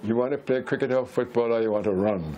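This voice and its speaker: A man interviewing family members in a relaxed, chatty way, with frequent murmurs of agreement. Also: mid-range voice, fast talker. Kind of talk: casual interview chat. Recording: crowd chatter behind.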